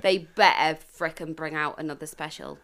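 A woman's voice: low-pitched, steady tone, normal speed, a bit bright. A woman co-hosting a casual podcast chat, giggly and self-deprecating. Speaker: podcast co-host.

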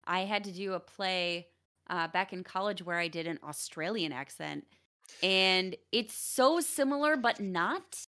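A young adult woman chatting casually on a stream, lively and quick to laugh. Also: on the low side.

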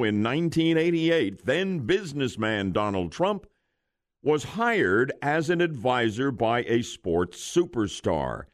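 A male morning radio host running a call-in quiz game with jokey banter. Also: fairly low pitch. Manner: jokey, lively delivery.

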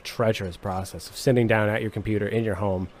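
A young man, a musician, on a podcast, chatting casually in a deadpan, mock-serious joking way. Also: fairly low pitch, quick pace, a little hiss or hum. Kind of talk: casual comedic chat.

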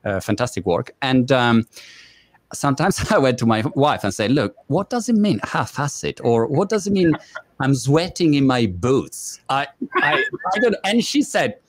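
Italian guy interviewing, halting english, restarts a lot, dry close sound. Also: mid-range voice, very animated, no room sound. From Italy. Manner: halting, restarts sentences, laughs between words. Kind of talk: casual interview talk.

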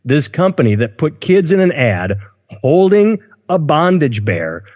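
A man's voice: on the high side, big pitch swings, unhurried, darkish tone, muffled recording. A man co-hosting a casual podcast chat, rambling and outspoken, often restarting his words. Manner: rambling, self-interrupting, outspoken. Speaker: podcast co-host. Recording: long room reverb.

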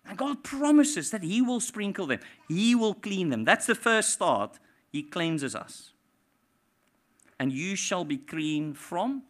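A pastor preaching a sermon, swinging between hushed, tender passages and loud, impassioned ones. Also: male voice, high voice, very animated, slow.

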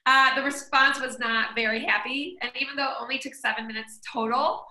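A woman hosts a live-streamed interview, eager and affirming as she reacts to her guest. Her voice sits high and comes across very bright. The room gives it a noticeable echo. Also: fairly even intonation, brisk. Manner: enthusiastic and affirming. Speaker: host.

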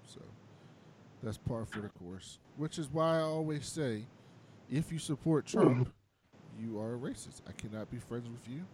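Male co-host, medium pitch, blunt and dismissive, faint background noise. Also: lively intonation, unhurried, darkish tone. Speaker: podcast co-host. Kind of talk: casual chat.

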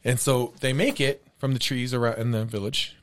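A man's voice: medium pitch, steady tone, normal speed. A man telling a long personal story in casual chat, laughing often.

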